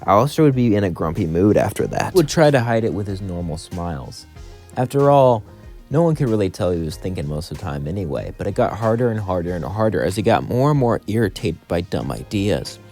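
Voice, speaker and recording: A man narrates a fan-made story in long run-on sentences, chaining events with "as" and "would". His voice sits on the low side, with quiet music playing underneath. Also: expressive, brisk. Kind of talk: fan-fiction narration with quoted dialogue.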